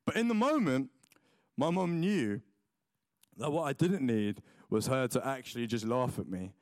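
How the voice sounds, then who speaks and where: A man's voice: medium pitch, normal speed, no echo. Young man preaching, chatty and dry. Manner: chatty, lots of likes and ums, animated retelling. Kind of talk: sermon with personal storytelling.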